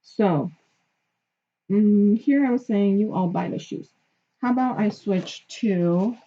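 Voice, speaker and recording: A woman teacher walks her class through a grammar lesson with patient step-by-step explanations, often pausing to ask if they follow. She speaks slowly, with a slightly husky voice. The recording sounds dull and lo-fi. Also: mid-range voice. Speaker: Spanish teacher.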